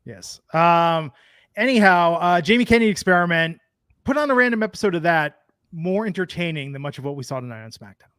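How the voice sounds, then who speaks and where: A man's voice: a little high, animated, brisk, a bit bright, clean tone, no echo, studio quality. A man co-hosting a podcast in casual chat, a rambling storyteller who laughs often. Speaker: podcast co-host.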